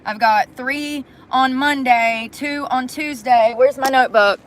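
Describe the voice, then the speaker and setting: A woman's voice: high-pitched, measured pace, a little hiss or hum. A woman chatting casually on a phone livestream, blunt and profane as she vents to her viewers.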